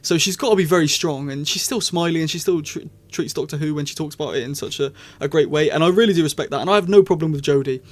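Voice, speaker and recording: A man giving a casual spoken review, rambling and excitable, often correcting himself mid-sentence. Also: a little high, quick pace, hardly any pauses. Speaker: video reviewer.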